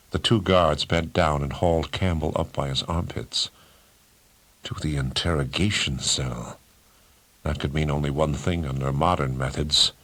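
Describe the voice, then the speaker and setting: A man narrating an audiobook thriller in a measured, dramatic way. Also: a bass voice, fairly bright tone, dry recording. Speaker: audiobook reader.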